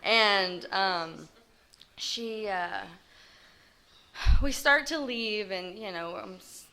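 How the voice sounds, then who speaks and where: A woman telling her life story in a personal testimony, halting and hesitant with frequent pauses. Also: mid-range voice, sharp tone. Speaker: recovery group member sharing her story.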